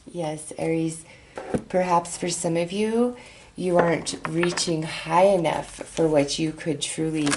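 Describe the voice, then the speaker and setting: A woman's voice: low-pitched, noisy background. A woman giving an encouraging tarot reading, speaking directly and soothingly to her viewers. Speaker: tarot reader.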